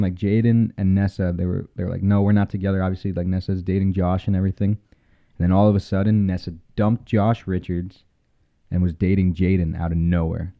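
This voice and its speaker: A man's voice: low voice, vocal fry, lo-fi sound. A man co-hosting a podcast in casual chat, easygoing and rambling as he tells stories. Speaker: podcast co-host.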